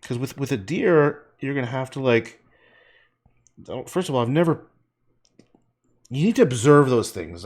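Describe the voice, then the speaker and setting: A man's voice: mid-range voice, expressive, moderate pace, pauses often, a little mellow. A man painting on a livestream, talking casually in a rambling way, swearing and muttering to himself as he works.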